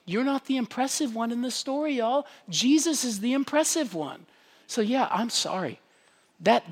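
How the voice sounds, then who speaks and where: Pastor, lively sermon delivery that swoops high and low, emphatic and conversational. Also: breathy edge, long reverb tail. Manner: animated, conversational preaching with wide swings in pitch and loudness; emphatic, with rhetorical questions and quick asides.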